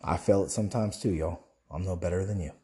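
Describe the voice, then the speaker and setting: A young man with a fairly low, warm voice talks straight through a fervent monologue. He preaches and rambles, restarting sentences and firing off rhetorical questions at his listeners. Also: quick pace. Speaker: Christian online commentator. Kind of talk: impassioned monologue.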